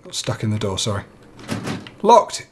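A man's voice: fairly low pitch, big pitch swings, a little slow, a little mellow, slight background noise. A young man playing a horror game, nervously talking himself through it and swearing now and then. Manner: jittery, talks himself through fear, swears. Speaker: let's play gamer.

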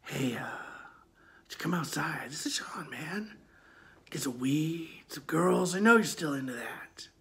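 A man in a whispered role-play voicing a demon that poses as a teenage boy on the phone, coaxing and insistent in a hoarse whisper. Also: a little high, animated, measured pace, bright, forceful tone, heavily acted. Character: menacing demon posing as a teen boy on the phone.

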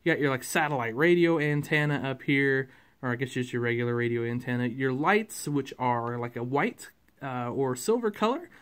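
A man's voice: medium pitch, normal speed, a bit bright, smooth. A man, casually reviewing a model truck in a rambling, chatty way with many fillers.

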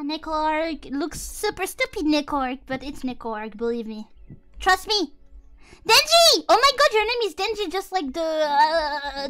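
Woman VTuber, very high cute anime voice, bright, giggly casual stream chat, playfully crude. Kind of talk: casual livestream chat with viewers.

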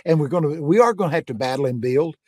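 A man's voice: fairly high pitch, animated, quick pace, no room sound, studio quality. Older man preaching with folksy fervor. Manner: folksy, fervent, repeats "I'm telling you". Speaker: guest preacher. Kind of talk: testimony storytelling in a conversation.

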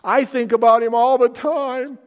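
A man voicing a tearful newlywed young wife in a high falsetto during a sermon. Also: steady tone, a little slow, clean tone. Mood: distraught. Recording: long church reverb.

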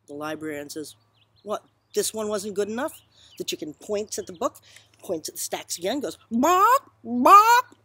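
A woman's voice: sits low, slightly rough. A woman telling a joke in a casual backyard vlog, playfully acting out the squawks of animals. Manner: playful storyteller, squawks loudly for animal voices. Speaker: vlogger. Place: outdoors in a backyard.

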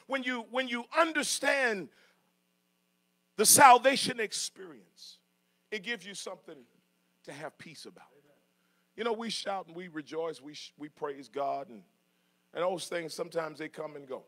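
A middle-aged man preaching a sermon in church, moving from soft asides to shouted passages and joking with the congregation. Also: high voice, expressive, a little slow. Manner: jokes with congregation, laughs. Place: church sanctuary.

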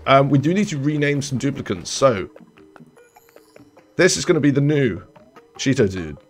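A man's voice: expressive, moderate pace, faint music behind. A young man, casually commenting while playing a colony-building game, rambling and correcting himself as he goes. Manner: chatty, rambling, self-correcting, trails off low. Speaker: gaming streamer. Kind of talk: casual let's-play commentary.

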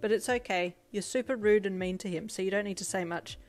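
A woman's voice: mid-range voice, brisk, a little mellow, soft background music, lightly acted. A woman reading a cheeky, teasing teen boy. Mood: helpful.

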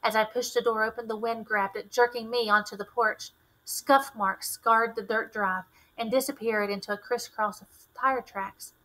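A woman teacher reads a novel aloud and models expressive, fluent reading for her students. Her voice is bright and sits a little high, and her narration is clear and animated. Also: normal speed, poor audio.

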